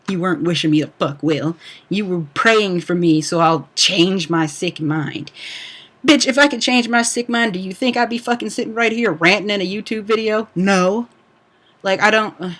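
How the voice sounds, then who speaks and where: A man's voice: high voice, pushed and bright. A young man giving an angry, profane personal rant on a livestream, full of fillers and restarts. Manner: profane, heated, frequent fillers. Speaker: speaker on a livestream talk.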